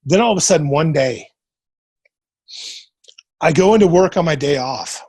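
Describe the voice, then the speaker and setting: A husky, slightly breathy man of about forty, from Nebraska, with a fairly high voice for a man. He tells stories casually and swears freely, slipping into the voices of the people he quotes. The sound is dry and close, with no room echo. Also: lively intonation, moderate pace, a little mellow. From Nebraska, USA. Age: 40s. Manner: profane, retells events by acting out quoted dialogue. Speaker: podcast guest. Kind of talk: casual storytelling.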